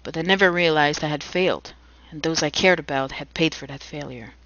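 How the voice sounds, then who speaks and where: A woman's voice: deep voice, a little fast, a bit bright, highs cut off. A woman co-hosting a podcast, reading a novel aloud in a casual way with acted quotes and jokey asides. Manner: reads with acted quotes, breaks off laughing.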